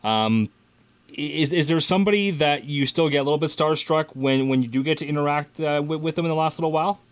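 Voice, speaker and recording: Smooth-voiced male radio co-host. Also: a little high, fast, no room sound. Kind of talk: casual interview questions.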